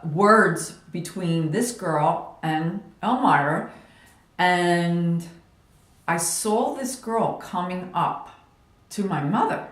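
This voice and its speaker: A woman retelling a personal memory in a vivid, animated way, acting out moments with sound effects. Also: on the low side, reverberant. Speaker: storyteller. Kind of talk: personal storytelling vlog.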